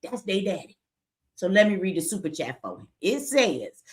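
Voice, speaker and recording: A woman's voice: medium pitch, very animated, normal speed. Woman host, tired and blunt, casual livestream talk, teasing, reads viewer comments aloud. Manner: blunt, candid, joking, reads super chats aloud.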